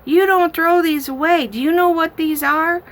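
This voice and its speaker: A woman voicing an excited little girl of about four, talking in a breathless, insistent way. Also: very high-pitched, moderate pace, pitched above the performer's own voice.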